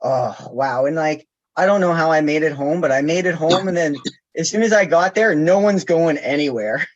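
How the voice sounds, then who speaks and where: A man's voice: fairly high pitch, normal speed. A man calling in to a live chat, telling a story in a chatty, giggly way over a video call. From Canada. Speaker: caller. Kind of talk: casual chat. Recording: dull lo-fi call audio.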